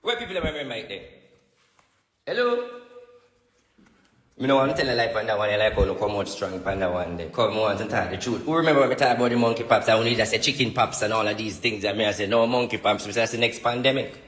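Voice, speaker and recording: A man's voice: on the low side, quick pace, fairly bright tone, roomy sound, big-room sound. A man with a Jamaican accent gives prophecy-style declarations in a vlog, emphatic and repeating his lines.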